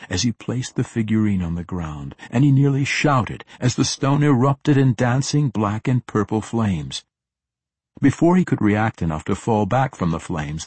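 A man narrating a fantasy novel audiobook in a steady, descriptive reading. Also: fairly low pitch, husky, no echo. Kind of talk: scripted narration.

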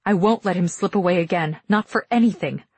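Woman audiobook narrator, first person, urgent delivery, husky voice, dry booth sound. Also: on the low side, a little fast, darkish tone, no echo.

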